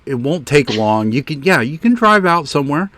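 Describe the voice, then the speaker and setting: A man's voice: on the high side, very animated, moderate pace, a bit bright, no echo. A man from the US South hosting a stream, chatting casually and slipping into playful put-on accents. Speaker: streamer host. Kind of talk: casual chat.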